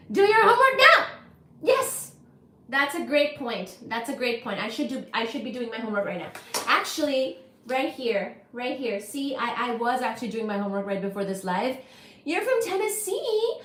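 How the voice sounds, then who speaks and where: A woman hosting a casual livestream, talking in an animated, playful way, greeting viewers in quick repeated bursts and reading out their comments. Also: high voice, roomy sound. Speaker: livestream host.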